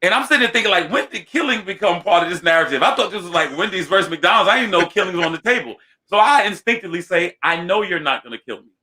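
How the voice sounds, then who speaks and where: A man in his thirties hosting a talk show, telling a comic story in an animated, self-mocking way. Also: high-pitched, fast, hardly any pauses. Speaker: host.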